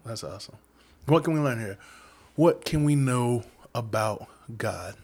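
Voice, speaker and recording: A man's voice: mid-range voice, lively intonation, unhurried, vocal fry, a little mellow. Laid-back slangy man retelling scripture. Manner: acts out characters' lines conversationally. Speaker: Bible study speaker. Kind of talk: casual Bible storytelling.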